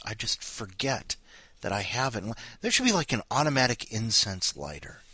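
A man's voice: on the low side, wildly swooping pitch, normal speed, pushed and bright, slightly rough, no room sound. A man hosting a podcast, rambling and joking in casual chat. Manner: rambling, jokey. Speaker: podcast host.

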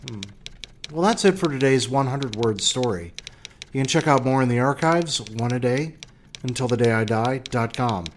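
A man hosting a short-story podcast, reading a dark tale in slow, deliberate narration with dramatic pauses. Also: medium pitch, animated, slight background noise. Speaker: podcast host and story reader.

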